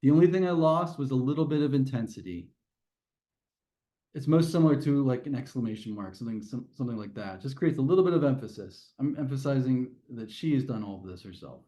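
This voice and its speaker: A man's voice: mid-range voice, expressive, fast, warm tone. A man teaching a test prep grammar lesson to a class, explaining step by step and often restarting his phrases.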